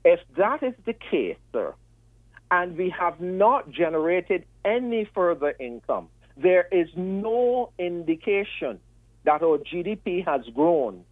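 A man, calling in to a radio talk show and laying out his questions in a measured, methodical way. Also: sits high, sing-song, dry recording. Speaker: radio caller. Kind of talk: call-in radio discussion. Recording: tinny phone line.

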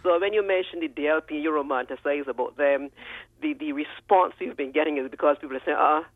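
Animated Barbadian man on a phone line. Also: a little high, quick pace, dry recording. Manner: animated, repeats words often. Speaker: caller. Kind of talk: call-in radio commentary. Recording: dry tinny phone line.

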